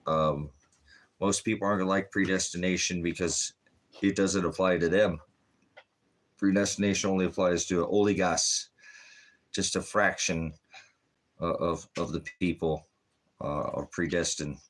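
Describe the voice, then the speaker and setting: A man's voice: low-pitched, fairly even intonation, moderate pace, pauses often. A man preaching casually on a livestream from his living room, rambling and unscripted. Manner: casual, rambling, breaks off to coax pets. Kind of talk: livestreamed sermon. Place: home living room by a fireplace. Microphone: streaming device.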